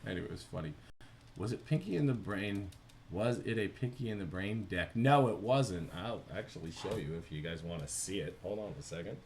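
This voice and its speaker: A man's voice: low voice, animated, a little fast, vocal fry, noisy background. A man with a New Jersey accent, chatting casually on a live stream while he animates, thinking aloud and answering viewers.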